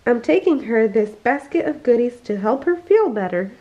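Lady voicing a sweet trusting little girl in a storybook, higher voice, lo-fi dull sound. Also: animated, normal speed, close to an everyday voice. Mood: eager. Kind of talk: storybook read-aloud.

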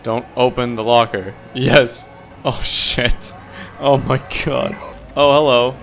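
A man's voice: medium pitch, steady tone, slow pace, gravelly, a bit bright, faint music behind. A man giving live commentary while playing a horror game, swearing, screaming when startled, and laughing nervously to himself. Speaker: gamer.

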